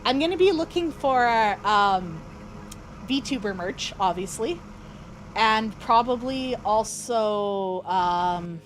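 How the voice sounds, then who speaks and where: A woman's voice: mid-range voice, lively intonation, slow pace, a little hiss or hum, poor audio. A woman streamer chatting casually while playing a game, rambling with lots of fillers and restarts. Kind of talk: casual chat while gaming.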